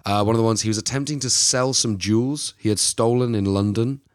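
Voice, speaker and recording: A man with a lowish voice co-hosts a casual true-crime chat, rambling playfully through the story. The sound is close and dry. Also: a little fast, no room sound. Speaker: podcast co-host.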